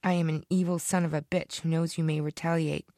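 A woman voicing an evil male rat assassin in a read-aloud story, delivered in a flat intoning way. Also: deep voice, fairly quick, dry recording, clean studio sound. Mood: menacing.

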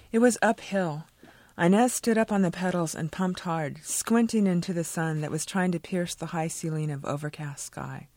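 A woman, the author, reading a passage from her own novel in a measured, expressive way. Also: sits low, no room sound.

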